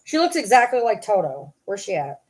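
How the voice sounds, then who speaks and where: Woman vlogger. She is casual, profane and rambling, and her pitch swings widely. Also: very animated, a little fast. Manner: profane, rambling, talks to her dogs mid-sentence. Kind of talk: casual chat to camera.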